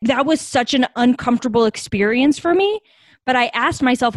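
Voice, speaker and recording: Speaking at a moderate pace with a high voice and no echo, this young woman, a U.S. nonprofit founder, shares stories on a podcast. She is earnest and reflective, becoming lively whenever she quotes someone.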